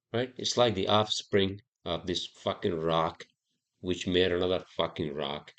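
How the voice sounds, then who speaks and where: Deep and unhurried with a fairly bright tone, this man hosts a solo podcast. He rambles and swears heavily as he works through a heated rant.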